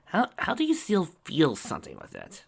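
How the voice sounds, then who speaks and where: A man's voice: on the high side, wildly swooping pitch, moderate pace, vocal fry, slightly rough. A man casually reading a fan story aloud and breaking off for wry, rambling asides. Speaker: fanfiction reader and commentator.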